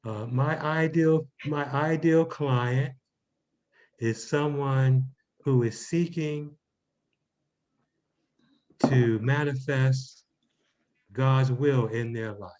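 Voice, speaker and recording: Man with a dark, dull-sounding voice. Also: mid-range voice, slight background noise. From Baltimore, Maryland. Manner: measured, spells out web addresses slowly. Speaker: podcast guest, numerologist. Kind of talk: podcast interview. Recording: dull lo-fi audio.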